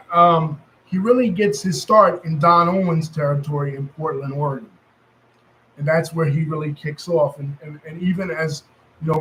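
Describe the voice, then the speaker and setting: Casual male storyteller, New York accent, rambling and self-correcting, a bit high-pitched. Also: a bit bright, a little hiss or hum, low-quality recording. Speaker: wrestling history commentator.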